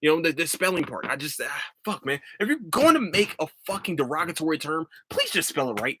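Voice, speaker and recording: A man's voice: on the high side, sing-song, quick pace, few pauses, pushed and bright, slight background noise. A man hosting his own podcast, talking casually and swearing freely as he rants, then laughs it off, his voice starting to give out. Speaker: podcast host. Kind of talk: casual solo podcast monologue.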